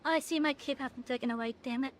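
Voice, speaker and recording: A woman's voice: sits high, quick pace, slight background noise. A young woman streaming a game, chatting playfully with her viewers. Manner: chatty, playful, talking to chat. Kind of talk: casual live game stream chat.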